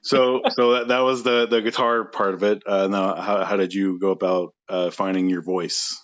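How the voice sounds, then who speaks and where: A man in his thirties hosting a casual interview, relaxed and jokey, swearing now and then. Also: low-pitched, normal speed, dull audio. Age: 30s. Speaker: podcast host.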